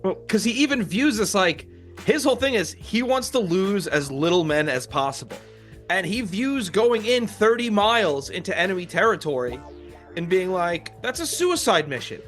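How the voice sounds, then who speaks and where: Man, high voice, bright tone, casual podcast movie recap, quotes scenes. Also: lively intonation, moderate pace, soft background music. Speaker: podcast co-host.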